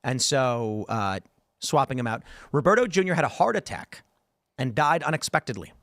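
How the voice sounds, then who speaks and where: A man hosting a casual panel talk show, telling stories in an animated way and reading viewer comments aloud. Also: mid-range voice, normal speed, no echo, studio quality. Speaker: show host.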